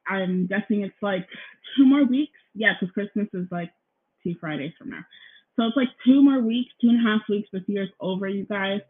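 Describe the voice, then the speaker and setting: At a normal speed and medium pitch, this young podcaster chats alone from her apartment, anxious and breathless, wandering off-topic, saying sorry, and leaning on ums and "you guys." Her laptop recording, made with headphones in, comes out thin and tinny with slight background noise.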